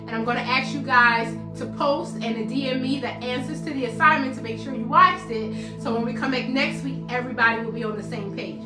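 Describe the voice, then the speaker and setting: A woman's voice: fairly high pitch, brisk, hardly any pauses, roomy sound, music in the background. A woman hosting a live motivational healing talk, preachy and casual, calling listeners baby and using slang. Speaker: host of a healing show.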